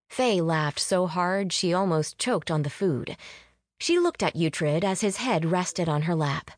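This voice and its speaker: A woman narrating an audiobook in a calm, measured way. Her voice sits on the low side and stays steady. The recording is close and completely dry. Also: dry recording. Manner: measured, even storytelling. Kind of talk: scripted narration.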